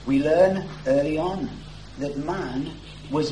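A man preaching an expository sermon, reading scripture aloud slowly and stressing key words for emphasis. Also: a little high, expressive, a little mellow. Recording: echoey room with faint hum.

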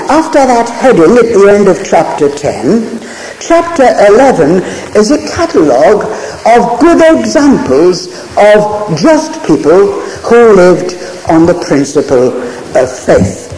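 A man delivers a Bible teaching sermon with a high, animated voice that rises and falls widely. He speaks slowly and deliberately, returning again and again to the same key phrase. The recording carries the echo of a roomy hall with faint ambience behind him. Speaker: preacher.

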